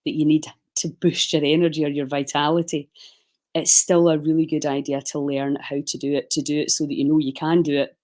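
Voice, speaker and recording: A middle-aged woman giving casual, rambling livestream advice as a fasting and wellness coach, often correcting herself mid-sentence. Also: sits low, level tone, darkish tone. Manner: chatty, rambling, self-correcting.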